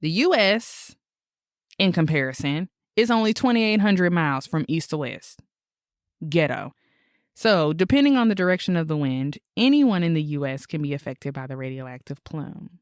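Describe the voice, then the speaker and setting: A woman co-hosting a casual podcast, talking in exasperated, animated rants with swearing. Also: deep voice, normal speed, dry recording, clean studio sound. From Michigan, USA. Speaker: podcast co-host.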